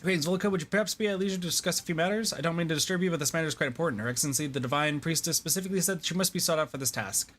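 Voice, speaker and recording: A man's voice: a little high, racing, hardly any pauses, a bit bright, slight background noise, voice pushed up, lightly acted. A man reading aloud the lines of an earnest young male resistance general in a game, with formal, courteous phrasing.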